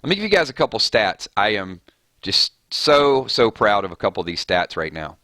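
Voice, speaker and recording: A man hosting a casual gaming live stream, chatting loosely with viewers and giving shout-outs, his voice a little hoarse. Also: on the low side, sing-song, moderate pace, no echo. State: slightly hoarse. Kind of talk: casual live-stream chat over gameplay.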